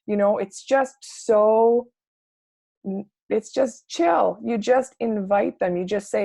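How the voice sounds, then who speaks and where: A young adult woman giving a casual, upbeat coaching talk, chatty and full of "like", acting out sample messages in a brighter voice. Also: mid-range voice, steady tone, fairly quick, no room sound. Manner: peppered with "like" and mild swearing. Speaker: network marketing coach. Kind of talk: casual live training talk.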